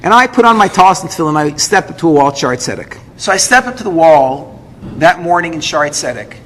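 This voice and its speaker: A man's voice: fairly high pitch, sing-song, fairly quick, a bit bright. A man, a rabbi, telling a personal story to an audience with lots of feeling. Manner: emotional storytelling, acts out others' lines. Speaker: rabbi and speaker. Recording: echoey hall with faint noise.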